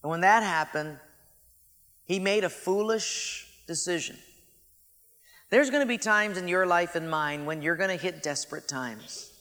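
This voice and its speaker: A man preaching a sermon with dramatic swings between loud emphasis and hushed, slow lines. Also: high voice. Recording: long hall reverb.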